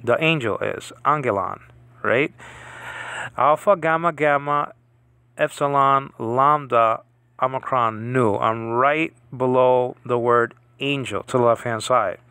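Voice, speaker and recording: A man's voice: mid-range voice, slow pace, bright, forceful tone, smooth, dry recording. A man giving an informal lesson on reading New Testament Greek, often restarting and repeating words to drill pronunciation. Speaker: Bible Greek teacher.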